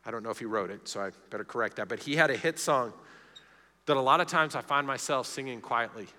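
Middle-aged guy preaching, earnest and chatty, bright tense voice, long church echo. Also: mid-range voice, fast talker. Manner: earnest, conversational preaching, often opening with "see". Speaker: pastor. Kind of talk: sermon. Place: church sanctuary during a live evening service. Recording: echoey church hall with long reverb.

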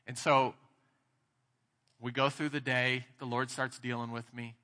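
A man with a Texan accent preaching a sermon as pastor, candid and storytelling, growing animated in his anecdotes. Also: medium pitch, long reverb tail.

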